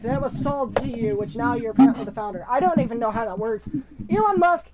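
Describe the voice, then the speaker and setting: A woman vlogging in a casual, rambling way, hyper and excitable. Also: fairly high pitch, fast talker, rough recording. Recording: loud crowd noise behind.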